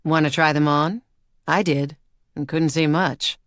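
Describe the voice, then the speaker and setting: Male narrator voicing a sharp young female grifter, higher voice, dry close sound. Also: fairly even intonation, a little slow, no room sound. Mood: cool. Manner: fake Southern drawl when conning. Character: young woman con artist, cool and sharp.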